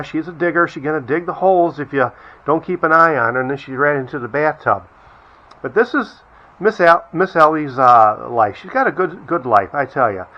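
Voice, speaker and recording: A man's voice: fairly high pitch, pushed and bright, muffled recording. A middle-aged man casually chatting at home as he shows off his dog, rambling and breaking into baby talk with her. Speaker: vlogger, dog owner. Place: indoors at home.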